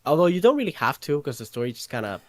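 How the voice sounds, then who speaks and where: A man's voice: a little high, very animated, rapid-fire, dry recording. A man co-hosting a casual podcast, playful and jokey as he chats with his co-host.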